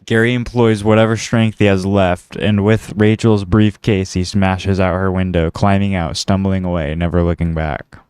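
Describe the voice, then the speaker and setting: A man narrating a script in a steady, matter-of-fact voice. His tone is low and smooth, and the sound is dry and close. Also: normal speed, few pauses, dry recording. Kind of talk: reading a comedic script aloud.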